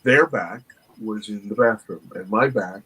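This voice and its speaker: A man, an interview guest, earnestly telling a personal story with halting restarts. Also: lowish voice, a bit bright, slightly rough, rough recording. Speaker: interview guest, documentary producer.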